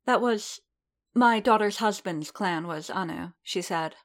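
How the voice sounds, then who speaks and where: A woman voicing a graceful alien mother with a Rillish accent, speaking in a light, musical, calm way. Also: mid-range voice, a little slow, close to an everyday voice.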